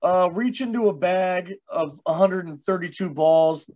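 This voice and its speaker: A man's voice: high voice, measured pace, a little mellow. A young man hosting a casual podcast chat, loose and self-mocking, who swears freely. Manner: loose, swearing, laughs at himself.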